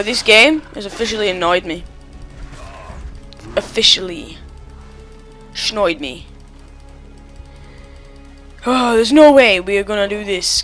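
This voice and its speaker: A gamer giving let's-play commentary, excitable and quickly exasperated, talking back to the game as they play. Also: mid-range voice. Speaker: gamer playing through a game.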